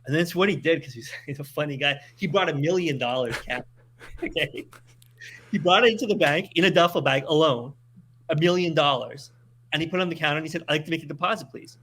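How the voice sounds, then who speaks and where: A man's voice: on the high side, brisk, a little hiss or hum. A man from Montreal chatting casually on a podcast, telling stories with lots of restarts and repeated words. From Montreal, Canada. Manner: animated storytelling with many restarts.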